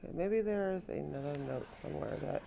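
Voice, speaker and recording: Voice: medium pitch, lively intonation, fairly quick, vocal fry, noisy background. A gamer giving casual commentary while solving puzzles, muttering with wry asides. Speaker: let's play gamer.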